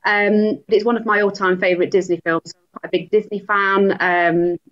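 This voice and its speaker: A woman's voice: mid-range voice, fairly even intonation, moderate pace, muffled recording. Chatty English woman on a podcast. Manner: chatty, laughs easily. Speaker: guest. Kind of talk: casual podcast chat.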